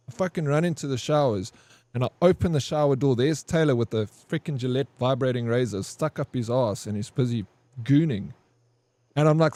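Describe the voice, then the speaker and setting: A man's voice: mid-range voice, moderate pace, warm tone, no echo. A man streaming a game, rambling and crude as he tells a long army story to his chat. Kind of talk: casual gaming stream storytelling.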